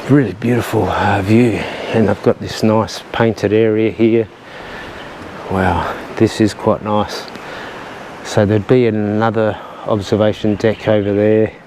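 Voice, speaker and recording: Rambling man with a low voice. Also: level tone, unhurried, darkish tone, poor audio. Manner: chatty and rambling, with frequent "uh" and a light joking tone. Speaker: vlogger. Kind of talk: casual walking vlog narration. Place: outdoors on coastal cliff trails and caves. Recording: outdoor recording with clear ambient noise.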